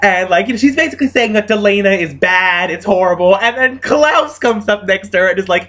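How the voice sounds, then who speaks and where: A man's voice: sits high, fairly quick, fairly bright tone. A young man giving a casual, exasperated rant reviewing a TV episode, swearing freely and exclaiming often. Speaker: TV show reviewer.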